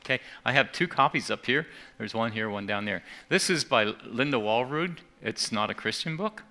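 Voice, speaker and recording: Gravelly, forceful-voiced man speaking. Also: medium pitch, lively intonation, moderate pace. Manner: earnest, with frequent restarts and repeated words. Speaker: seminar speaker. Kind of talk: talk to a church audience.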